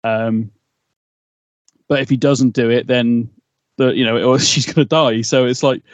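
A man's voice: medium pitch, fairly even intonation, a little slow, no echo. A man co-hosting a podcast in casual chat, rambling with lots of fillers and restarts. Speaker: podcast co-host. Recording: dull lo-fi dry recording.

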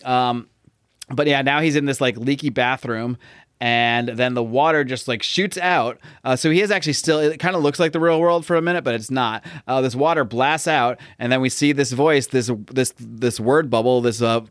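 A young man talks through a comic book in easygoing chat, wandering through fillers and restarts. His voice is smooth and clear. It is recorded close and dry with no room sound. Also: medium pitch, normal speed, fairly bright tone, no room sound. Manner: rambling, many fillers and restarts, reads out dialogue. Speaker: podcast co-host discussing comics. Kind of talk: casual chat recapping a comic.

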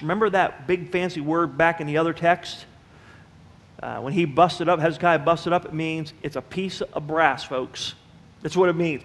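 A middle-aged pastor preaches in a church, his voice sitting a little high for a man. He tells homespun stories and turns to the congregation with plain, direct talk. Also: fairly bright tone. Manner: folksy storytelling, speaks directly to the congregation. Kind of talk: sermon. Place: church sanctuary.

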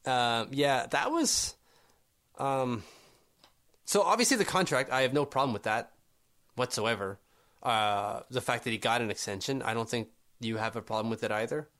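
A man's voice: medium pitch, moderate pace, a bit bright. A man co-hosting a casual sports podcast, arguing his points and getting worked up in exasperated rants. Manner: argumentative, rising to exasperated rants. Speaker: podcast co-host.

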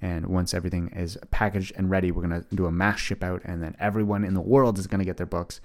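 Young guy doing his solo podcast, deep voice, earnest and a bit rambly. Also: flat delivery, quick pace. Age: 20s. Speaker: podcast host. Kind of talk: casual solo podcast monologue.

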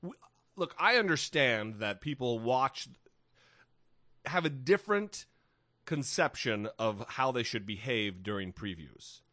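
A man's voice: medium pitch, expressive, a little slow, pushed and bright, no echo, clean studio sound. A man co-hosting a podcast in casual chat, wry and rambling, swearing freely and restarting his sentences. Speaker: podcast co-host.

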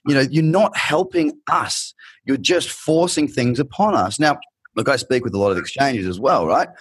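A man's voice: mid-range voice, expressive, moderate pace, breathy edge, no room sound. A man hosting an interview, talking animatedly and acting out the people he quotes. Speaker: podcast host. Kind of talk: conversational interview.

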